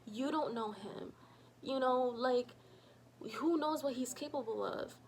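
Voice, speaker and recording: A woman telling a personal story in a casual vlog, animated and full of fillers, acting out what people said. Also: high-pitched, measured pace, slight background noise, poor audio. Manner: animated, shouts quoted lines, many fillers. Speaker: storytime vlogger.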